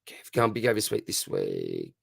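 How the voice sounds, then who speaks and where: A man's voice: extremely low pitch, wildly swooping pitch, moderate pace, gravelly, breathy edge, dry recording, studio quality. Friendly Australian man hosting a live Q&A. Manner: matey, friendly, reads chat questions aloud and answers warmly. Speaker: live stream host answering fantasy football questions. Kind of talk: casual live stream Q&A.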